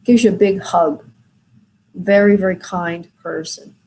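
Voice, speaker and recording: A woman hosting a call-in show as a spirit medium, talking gently and soothingly to callers, with many fillers. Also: lowish voice, steady tone, measured pace, slight background noise, low-quality recording. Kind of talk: call-in reading, soft and consoling.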